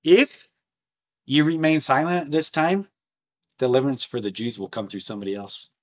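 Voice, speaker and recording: A man preaching an impassioned sermon, animated and emphatic, swinging between loud bursts and low, intense passages with lots of repetition. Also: normal speed. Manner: repetitive, rhetorical, martial imagery.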